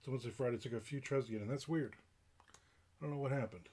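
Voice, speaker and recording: Quick-paced and darkish in tone, a middle-aged man with a mid-range voice vents on a livestream, grumbling in casual chat about strangers near his house.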